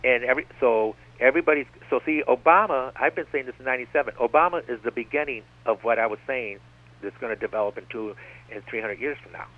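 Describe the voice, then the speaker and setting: Over a tinny phone-line radio connection, an American guest speaks fast in a medium-pitched voice. He rambles and drifts between topics, repeatedly coming back around with "like I said."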